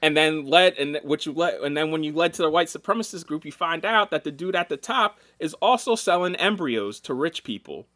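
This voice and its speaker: This podcast co-host has a slightly high voice and a brisk delivery with few pauses. In a casual chat, he spins animated stories packed with swearing and acts out everyone he quotes, recorded in studio quality without echo.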